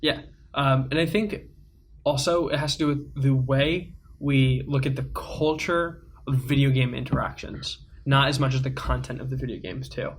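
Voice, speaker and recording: A man's voice: mid-range voice, steady tone, moderate pace, slight background noise. A teenage man co-hosting a podcast, telling a story in a rambling way with many fillers. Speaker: podcast co-host. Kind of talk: casual storytelling chat.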